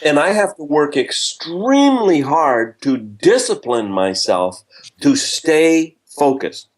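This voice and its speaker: An older man, a guest speaker in a podcast interview, telling stories with humor and acting out lively quotes. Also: fairly high pitch, takes it slowly. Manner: storytelling with lively voiced quotes; self-deprecating humor.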